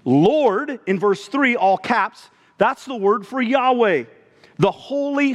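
Lively-voiced male preacher in a reverberant hall. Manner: expressive preaching, drops low for emphasis. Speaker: pastor. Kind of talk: sermon.

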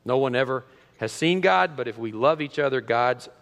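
A middle-aged man pastor preaching a sermon in a church, animated, full of rhetorical questions and restarts. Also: mid-range voice, moderate pace, in a large hall. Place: church sanctuary.

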